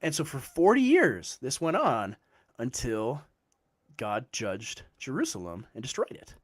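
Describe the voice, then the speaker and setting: A man's voice: mid-range voice, huge pitch swings, measured pace. A man in a casual theological discussion, explaining passages and often checking in with "right?".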